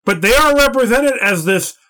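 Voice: medium pitch, lively intonation, normal speed, pushed and bright. A podcast co-host in a casual, analytical discussion, talking at length and in detail. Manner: analytical, talkative.

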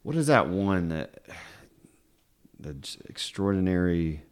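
A man's voice: deep voice, sing-song, slow pace, smooth. A man hosting a podcast in casual chat, laid-back and trailing off mid-sentence. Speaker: podcast host.

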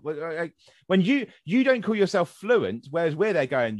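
A young Englishman hosting a podcast, ranting with plenty of swearing. His voice sits a little high for a man and leaps up and down with real animation. The sound is close and dry, with no room around it. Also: big pitch swings, normal speed, no echo. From England. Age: young adult. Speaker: podcast host. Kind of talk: casual podcast chat.

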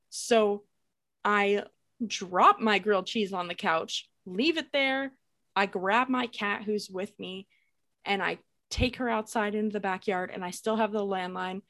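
A young woman casually telling a ghost story on a podcast, animated, laughing and swearing as she goes. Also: mid-range voice, a little slow, no echo. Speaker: podcast co-host.

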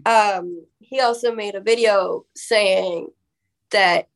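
Female podcast guest, mid pitch, candid, earnest, casual language. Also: takes it slowly.

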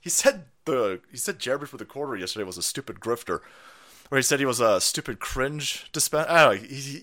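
Man, profane stream rant, higher-pitched, lively swings, bright tone. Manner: foul-mouthed, laughing, mocking impressions. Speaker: streamer host. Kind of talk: profane ranting commentary.

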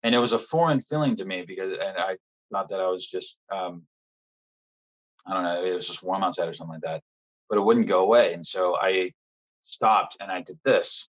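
A young man as a podcast guest, frankly telling a personal story in casual conversation, swearing often and pausing with fillers. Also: low-pitched, a bit bright, lo-fi sound.

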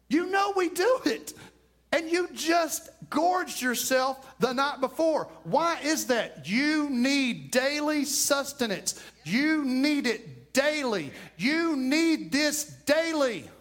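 A man preaching a sermon as pastor, animated, swinging between fast and slow delivery. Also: very high-pitched. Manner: animated preaching, varies pace widely.

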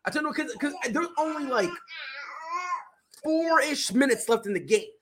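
A young adult woman hosting a sports podcast, telling stories in an animated, slangy way with lots of restarts and tag questions. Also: high-pitched, moderate pace, noisy background. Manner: animated storyteller, slangy, full of restarts and "right?". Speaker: podcast host. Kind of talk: casual sports chat.

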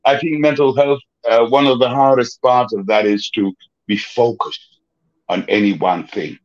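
An older man, a guest actor and painter, speaking reflectively in an interview, with many halting fillers and restarts. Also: medium pitch, fairly even intonation, dull audio. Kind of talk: interview conversation.

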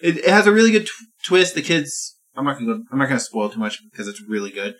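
A man co-hosting a podcast in casual chat, excitedly retelling a movie, swearing and acting out lines in voices. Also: medium pitch, quick pace. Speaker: podcast co-host.

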